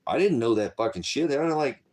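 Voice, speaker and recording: Middle-aged man, channel host, furious profane livestream rant, average male pitch. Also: expressive, fairly quick, a little mellow. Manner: angry, profane, rambling and accusatory.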